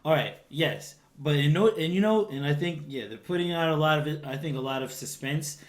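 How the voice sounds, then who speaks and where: A man's voice: on the high side, a little fast. A man co-hosting a casual podcast, laid-back and enthusiastic when he talks about games. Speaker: podcast co-host. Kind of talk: casual chat.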